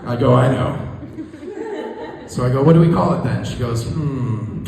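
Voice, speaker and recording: Guy doing standup in a small echoey room, stumbles n restarts a lot, mid-pitched voice. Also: lively intonation, creaky, darkish tone. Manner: halting, self-deprecating delivery with many restarts. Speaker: stand-up comedian. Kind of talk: stand-up comedy set. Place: small room with a live audience. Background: audience laughter.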